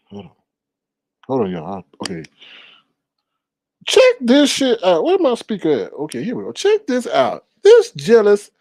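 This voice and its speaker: Animated, teasing man doing commentary. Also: a little high, no echo. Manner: animated, teasing, laughs often; drawn-out exclamations like "Lord have mercy". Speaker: commentary channel host. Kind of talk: casual reaction commentary.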